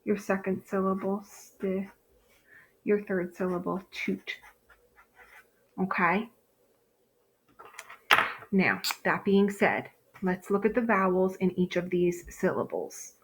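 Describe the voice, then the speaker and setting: A woman's voice: mid-range voice, measured pace, pauses often, husky. A woman teacher giving a recorded phonics lesson, explaining step by step with frequent "okay" and "um". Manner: patient, explains step by step, frequent okays and ums.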